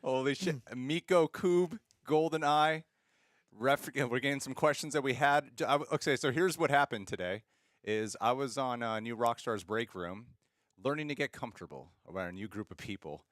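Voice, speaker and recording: A man hosting a live stream in casual chat, excitable and playful, laughing often. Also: mid-range voice, moderate pace, no room sound, clean studio sound. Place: Los Angeles.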